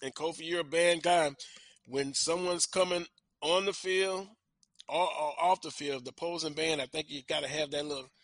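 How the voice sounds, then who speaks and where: A man hosting a casual chat, talking in halting bursts with many restarts. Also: a little high, fairly bright tone, no room sound. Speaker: host.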